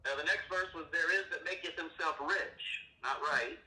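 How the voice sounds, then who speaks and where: Speaking at normal speed in a fairly high, sharp-toned voice, a middle-aged father lectures his kids on the Bible over a phone call. The teaching is preachy, stern and scolding, and the audio sounds distant and echoey, with faint noise.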